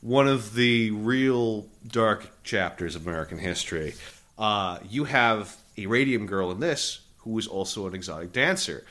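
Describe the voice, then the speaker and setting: A man's voice: fairly low pitch, normal speed, fairly bright tone. A man interviewing an author, curious and asking long, winding questions.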